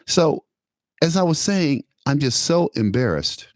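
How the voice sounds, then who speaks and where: A man's voice: a little high, big pitch swings, a little slow, dry recording, clean studio sound. A man hosting a talk show, giving a political commentary monologue, emphatic and repetitive, often laughing at his own remarks.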